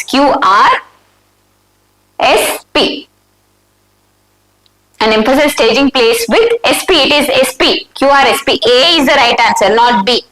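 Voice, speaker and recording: A woman's voice: high-pitched, a bit bright, echoey room, poor audio. A woman with an Indian English accent, going over exam questions live, reading out the options and checking answers with her students. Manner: reads options aloud and checks answers with the class. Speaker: exam prep teacher.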